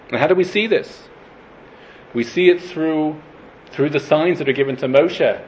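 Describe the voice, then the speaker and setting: A man giving a Torah class, thinking out loud, asking questions and restarting his phrases. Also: on the high side, fairly quick, slight background noise. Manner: thoughtful, questioning, frequent restarts. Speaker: Torah teacher. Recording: dull lo-fi recording.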